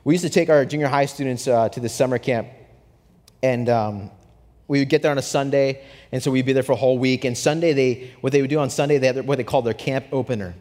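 A young adult man preaching a sermon, telling a story with animated swings from hushed to excited. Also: mid-range voice, fast. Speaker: pastor. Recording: long hall reverb.

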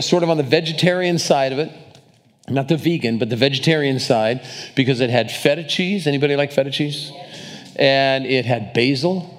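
Male pastor, mid-pitch voice, loose conversational sermon delivery with the congregation. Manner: conversational preaching with restarts and asides, engaging the crowd.

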